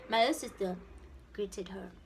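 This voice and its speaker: A young South African woman with a South African accent tells a casual, animated story in her vlog, mixing in Setswana phrases. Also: medium pitch, normal speed, a little hiss or hum. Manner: animated, slips into Setswana for quoted lines. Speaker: vlogger. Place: her room at home.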